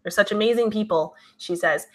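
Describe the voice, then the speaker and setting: A woman hosting her channel, chatting casually and reading out viewer comments in a lively, talkative way. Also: medium pitch, fairly quick. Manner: chatty, animated, many fillers. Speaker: channel host.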